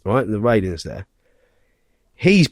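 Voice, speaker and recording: A man's voice: on the low side, big pitch swings, slow, no echo, studio quality. A man, a podcast guest, telling a tense story in a blunt way, swearing heavily as he goes.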